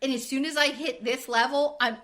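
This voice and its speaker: A woman's voice: sits high, steady tone, brisk, fairly bright tone. A woman co-hosting a casual podcast chat, blunt and candid, laughing often. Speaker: podcast co-host. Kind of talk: casual chat recapping a reality show.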